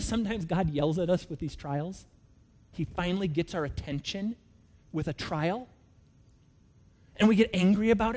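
A man preaching a sermon, telling stories in an animated way and swinging from loud to hushed. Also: sits high, moderate pace, long pauses. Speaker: pastor.

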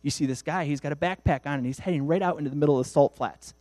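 A man preaching a sermon in an animated way, acting out little dialogues as he goes. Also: fairly high pitch, racing, no room sound. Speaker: pastor.

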